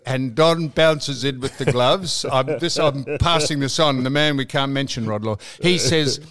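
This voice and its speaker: An older Australian man hosting a talk show, telling stories in an animated, teasing way and mimicking the people in them. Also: mid-range voice, unhurried. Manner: animated, teasing, retells with quoted voices. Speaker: radio host. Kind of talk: banter and storytelling.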